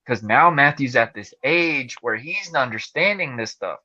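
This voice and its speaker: A man's voice: mid-range voice, animated, a little slow, sharp tone, dry recording. A male podcast host talking candidly in loose, run-on sentences during a casual chat. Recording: dull lo-fi recording.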